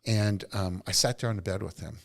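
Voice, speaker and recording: A man's voice: low voice, fairly quick, vocal fry, fairly bright tone. A middle-aged man, a podcast guest, telling earnest, rambling stories from his working life. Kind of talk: casual storytelling interview.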